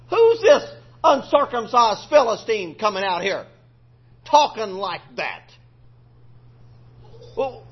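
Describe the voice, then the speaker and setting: A man's voice: high-pitched, slightly rough. A male preacher telling a scripture story in a homespun, colloquial sermon. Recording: lo-fi recording.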